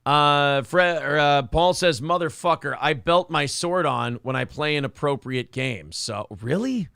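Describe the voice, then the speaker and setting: A man's voice: on the high side, a little slow, creaky, a bit bright, clean tone, no room sound, clean studio sound. A man hosting a morning show, reading live chat aloud in a crude, joking, self-mocking way. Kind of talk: casual profane chat.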